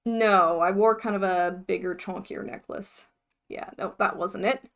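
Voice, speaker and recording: Young woman, chatty, scattered, laughs a lot, talks to her chat, mid pitch. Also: steady tone, unhurried, fairly bright tone. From United States. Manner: chatty, scattered, laughs often, thinking aloud. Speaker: mermaid vlogger livestreaming. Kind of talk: casual livestream chat.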